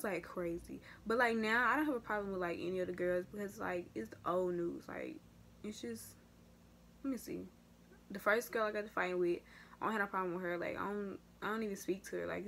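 A young woman vlogger telling a casual story to her viewers, slangy and animated, with big jumps in pitch and loudness. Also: slight background noise. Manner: addresses viewers as y'all. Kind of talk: casual story time vlog.

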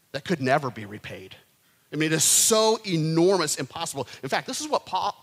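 A middle-aged male pastor preaching a sermon to his congregation, animated, rising to loud emphatic peaks. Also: a little high. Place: church sanctuary. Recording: long hall reverb.

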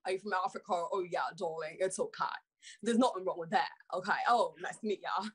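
A woman's voice: on the low side, fairly quick, husky. A woman putting on a British accent, playing a chatty, reassuring lady. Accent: put-on British.

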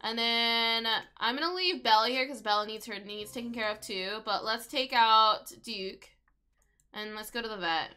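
A gaming video creator, a young woman, chats casually while playing a life-simulation game and often talks to the on-screen pets. Her voice sits on the high side and is bright, forceful and clean, at a normal speed.

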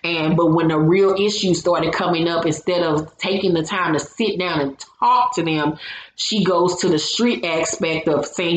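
A woman's voice: lowish voice, a little slow. A woman giving a casual, blunt and opinionated recap of a reality show, with salty language. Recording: roomy echo, faint background hum.

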